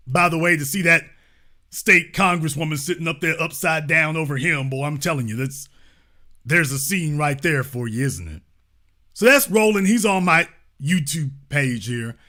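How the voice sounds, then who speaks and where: A man's voice: on the high side, sharp tone. A man hosting his own political commentary show, talking in an emphatic, mocking way and repeating his lines for effect. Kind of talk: animated political commentary monologue.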